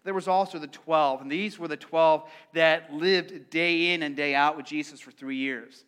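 A man's voice: on the high side, fairly even intonation, normal speed, a bit bright, smooth. A man preaching a sermon in a conversational way, often repeating words and drawing the congregation in. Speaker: pastor.

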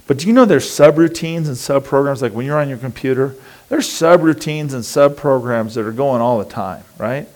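A man's voice: mid-range voice, moderate pace. A man preaching a sermon in a casual, conversational way, often acting out the anxious thoughts of his listeners. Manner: conversational and animated, acting out inner voices. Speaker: pastor.

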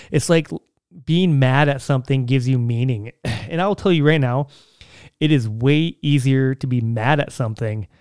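A young man musing aloud on his podcast in a loose, meandering way, full of "uh" and restarts. His voice is smooth and resonant, and it sits dry and close to the mic. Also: medium pitch, a little mellow, dry recording. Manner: rambling, conversational, many fillers and restarts. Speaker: podcast host. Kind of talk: casual solo podcast monologue.

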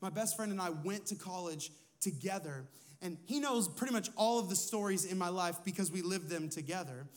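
A man's voice: sits high, expressive, brisk. A man who is a lead pastor, preaching a sermon in a conversational way, asking his listeners questions and telling personal stories.

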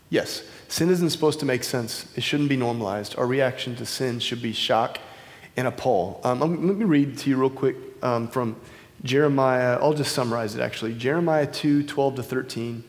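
Here a man talks at a moderate pace in a mid-range voice, giving a loose, conversational sermon packed with fillers and restarts. He uses a wireless microphone, and the audio carries a long hall reverb.

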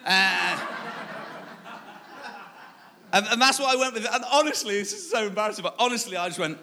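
A man's voice: high voice, normal speed, noisy background. A male preacher giving a sermon, telling a self-deprecating story and laughing at himself. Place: church.

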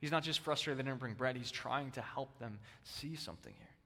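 A male pastor preaching a sermon, with emphatic stress that swings between loud bursts and hushed, low lines. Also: expressive, brisk, gravelly. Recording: long hall reverb.

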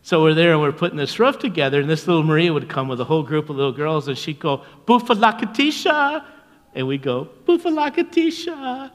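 An older man preaching as a pastor, telling stories in a folksy, chuckling way and dropping to a hushed voice at tender moments. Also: on the high side, fast, few pauses, big-room sound. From North America. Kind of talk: storytelling sermon.

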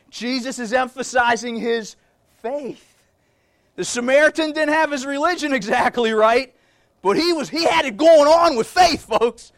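Man preaching, very high voice, emphatic, repeats himself, dry close sound. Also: dry recording. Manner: emphatic, repeats key phrases, addresses listeners as folks. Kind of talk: sermon.

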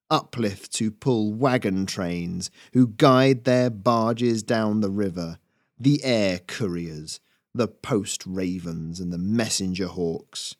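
A man voicing a ruthless male squirrel rebel leader, slow, snarling and commanding. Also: lowish voice, a little mellow, dry recording, clean studio sound.

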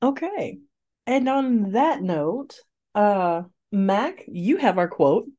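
A woman's voice: mid-range voice, big pitch swings, slow, mellow, highs cut off. A woman hosting a casual podcast chat, often hesitant and searching for words. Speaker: podcast host.

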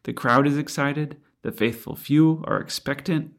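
A man's voice: fairly high pitch, steady tone, a little slow. A man preaching a sermon in an earnest, reflective way, asking rhetorical questions.

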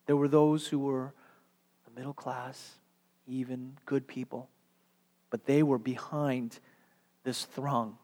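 A man's voice: medium pitch, flat delivery, slow, pauses often, darkish tone. A male pastor delivering a sermon with dramatic, earnest storytelling. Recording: long hall reverb.

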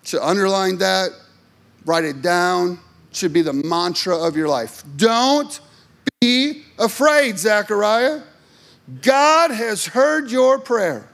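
A man's voice: high voice, gravelly. A male pastor preaching a sermon with emphatic rhetorical questions and joking asides to the congregation.

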